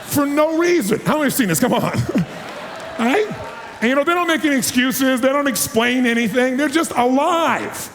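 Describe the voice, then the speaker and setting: Energetic high-voiced man in a reverberant hall. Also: fairly quick, slight background noise. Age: 40s. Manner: energetic, emphatic, calls for audience responses. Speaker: motivational speaker. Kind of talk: live seminar talk to an audience. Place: large hall with a live audience.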